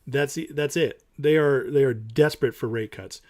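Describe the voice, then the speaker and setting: A man hosting a casual stock market talk show, animated and opinionated, who repeats his points for emphasis. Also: normal speed. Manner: mocks others in high put-on voices.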